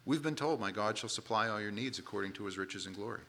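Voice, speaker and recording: A man's voice: on the low side, quick pace, a bit bright. A man preaching a sermon, retelling a Bible story with dramatic quoted voices.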